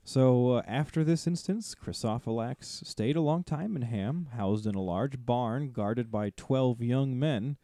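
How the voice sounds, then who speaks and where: A man in casual podcast talk, retelling a story's events in an easygoing way. His voice sits at a middling pitch with a warm, mellow tone. The sound is dry and close. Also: measured pace, few pauses, no echo. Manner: relaxed, summarizing plot with light laughs. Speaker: podcast co-host. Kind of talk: casual discussion summarizing a story.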